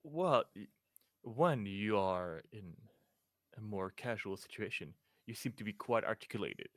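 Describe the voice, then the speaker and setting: A man voicing a polite, scholarly nobleman in a tabletop game, speaking formally with many pauses and fillers. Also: fairly low pitch, lively intonation, dry recording, clean studio sound. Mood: gently advising. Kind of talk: tabletop role-play character voice.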